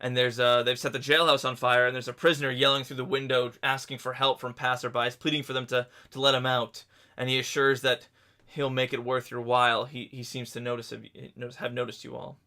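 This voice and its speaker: A man narrating a tabletop game as game master, telling the scene in a halting, descriptive way. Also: mid-range voice, little pitch movement, bright, forceful tone.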